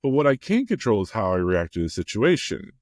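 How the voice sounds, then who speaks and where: Deep, lively-voiced man. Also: brisk, no room sound, clean studio sound. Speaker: podcast guest. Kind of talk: casual chat.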